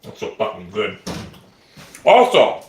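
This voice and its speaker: A man's voice: on the low side, takes it slowly, reverberant, noisy background. A man chatting casually on a livestream from his home kitchen into a phone, rambling and swearing as he snacks. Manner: rambling, profane, easily excited.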